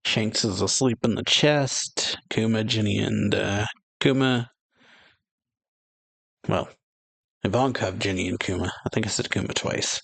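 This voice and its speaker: A man's voice: fairly low pitch, measured pace, gravelly, pauses often, fairly bright tone, no echo, rough recording. A man hosting an anime reaction channel, reading through manga pages in a casual, rambling way with frequent chuckles and filler words.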